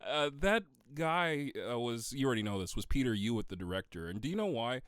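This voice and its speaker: A man co-hosting a casual movie podcast, animated and laughing often as he talks. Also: mid-range voice, fairly quick, clear, resonant tone, no echo, clean studio sound. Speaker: podcast co-host.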